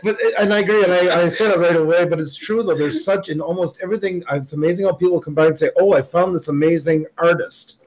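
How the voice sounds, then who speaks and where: A man with a slightly high voice, talking eagerly on a video call during a casual live stream. He speeds up when he gets excited about an idea. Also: low-quality recording. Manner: enthusiastic, talks fast when excited. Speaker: guest creator.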